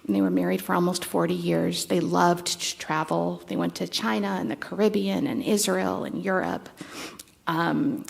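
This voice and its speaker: A woman in her fifties speaks at a memorial in a low, heavily gravelly voice with lots of vocal fry. Her talk is halting and conversational, with fond, wry asides. She sounds like a stepdaughter remembering her stepdad. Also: expressive. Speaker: stepdaughter giving a eulogy. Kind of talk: memorial eulogy.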